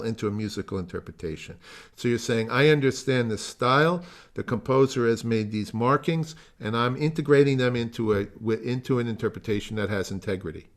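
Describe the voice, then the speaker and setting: A man teaching a music masterclass over a video call, explaining at length, trailing off into asides and singing phrases to demonstrate them. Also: medium pitch. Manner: explanatory, digressive, sings phrases.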